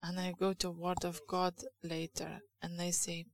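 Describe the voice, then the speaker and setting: A woman's voice: on the low side, monotone, moderate pace, creaky, few pauses, poor audio. A woman with a Lithuanian accent preaching a sermon in English, her second language, in a candid, confessional way with frequent halts and restarts.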